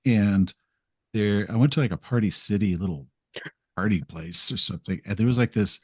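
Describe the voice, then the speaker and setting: A man chats as a podcast guest, low and a little husky in tone. He rambles, makes fun of himself and acts out his own remarks. The sound is dry and close. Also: normal speed, a little mellow, dry recording. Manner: rambling, self-deprecating, acts out quotes. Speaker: podcast guest, game video creator. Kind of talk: casual interview storytelling.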